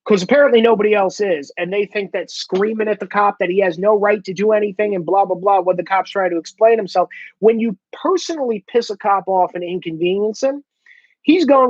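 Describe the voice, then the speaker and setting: A man's voice: high-pitched, a little fast, no room sound, dull audio. Blunt, profane male ranter. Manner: blunt, emphatic, heavy swearing. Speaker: commentator. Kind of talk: profane ranting monologue.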